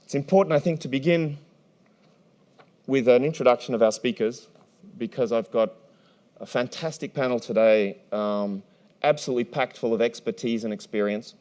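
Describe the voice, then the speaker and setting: A man moderating a conference panel in a large hall, energetic and playful, often restarting his sentences. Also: medium pitch, normal speed.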